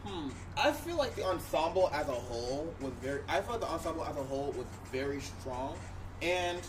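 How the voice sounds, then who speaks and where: A man's voice: on the high side, sing-song, moderate pace. A male podcast guest in casual chat, hedging and searching for his words. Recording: distant mic with music behind.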